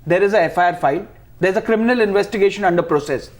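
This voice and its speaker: A man's voice: sits high, rapid-fire. A man arguing heatedly as a party spokesperson in a TV debate, talking over the others.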